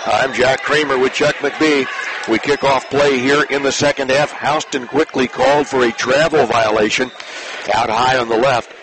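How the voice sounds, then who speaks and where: A man announcing a high school basketball game play by play, in brisk clipped calls that rise when a shot scores. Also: steady tone. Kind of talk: basketball radio commentary. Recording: noisy online radio broadcast.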